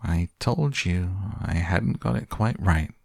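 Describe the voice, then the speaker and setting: A whimsical, eccentric male inventor who sighs over his failures and brushes them off briskly, played by a man. The voice is deep, husky and a little gravelly. The sound is close and dry. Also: no echo, full character voice. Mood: rueful. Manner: wistful sighing, then briskly matter-of-fact.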